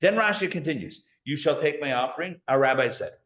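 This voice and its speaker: A man teaching a live class as a rabbi, animated, asking the audience questions and joking along the way. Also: fairly high pitch, fairly quick. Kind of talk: lively live lecture. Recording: echoey room.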